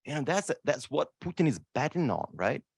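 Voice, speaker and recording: A man's voice: medium pitch, sing-song, brisk, vocal fry, slightly rough, no room sound, clean studio sound. A man speaking on a law school panel, emphatic and emotional, often asking "right?" to the audience. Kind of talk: impassioned panel talk. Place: lecture room.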